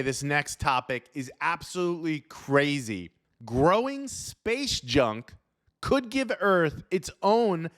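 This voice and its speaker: Young guy comedian doing a snarky news rant, smooth kinda high voice. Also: bright, forceful tone. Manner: sarcastic, riffing, incredulous. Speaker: comedian host.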